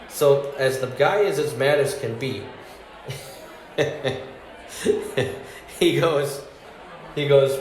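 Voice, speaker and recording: Man, stand-up comedian, animated storytelling, acts out quoted lines, echoey room, faint background noise. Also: mid-range voice. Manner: animated, laughs at his own stories, acts out other people's lines in raised voices.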